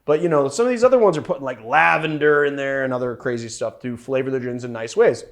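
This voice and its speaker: A man's voice: mid-range voice, fast talker. A young man hosting a cocktail show, chatting in a rambling, playful way with many fillers. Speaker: bartender host. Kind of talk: casual cocktail-making show.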